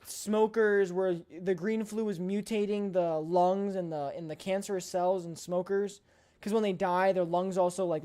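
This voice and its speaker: A woman's voice: medium pitch, a little mellow. A woman streamer chatting casually on a live stream, emphatic and playfully blunt, often repeating her points.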